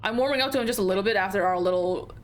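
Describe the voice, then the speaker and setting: A young woman gives loose, rambling commentary over a game, swearing freely and laughing between lines. Her voice sits at an average pitch, with faint noise behind her. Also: very fast. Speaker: let's play streamer.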